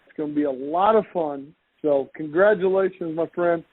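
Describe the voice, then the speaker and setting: A man's voice: on the high side, moderate pace, dry recording. Enthusiastic guy hosting, dry tinny phone sound. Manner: enthusiastic, welcoming. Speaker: podcast host. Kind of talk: upbeat interview hosting.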